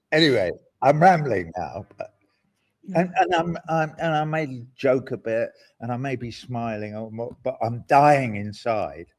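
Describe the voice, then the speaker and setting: An outspoken older man, an interview guest talking about politics, sardonic and animated, with mocking asides and rambling tangents. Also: mid-range voice, measured pace. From England.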